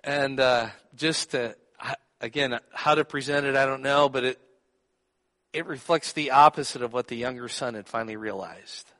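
A man's voice: mid-range voice, moderate pace, bright, forceful tone, big-room sound. A man preaching a sermon, teaching and putting questions to his listeners. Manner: teaching, asks the audience questions.

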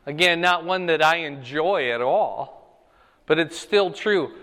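A man preaching a Bible lesson in a high, bright, ringing voice. He is emphatic and keeps asking his class "okay?". The hall carries a long reverb. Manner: emphatic, asks the room "okay?" and "right?". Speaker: pastor teaching a Bible class. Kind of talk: sermon-style Bible teaching.

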